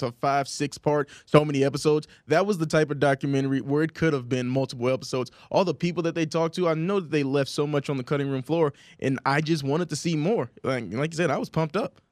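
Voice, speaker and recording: A man co-hosting a sports talk radio show, talking quickly and with enthusiasm. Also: on the high side, steady tone, a little mellow, no room sound, studio quality.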